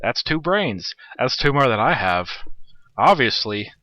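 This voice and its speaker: A man's voice: mid-range voice, very animated, pushed and bright, dry recording. A man putting on a dopey, self-deprecating impression of a young male gamer friend. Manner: goofy, slow-witted, self-deprecating.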